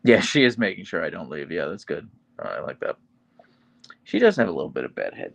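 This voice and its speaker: Easygoing male stream host, gravelly fry, animated pitch, reads comments off his phone. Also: fairly quick. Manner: chatty, easygoing, talks to his dogs between comments. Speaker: livestream host. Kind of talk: casual live chat reading viewer comments.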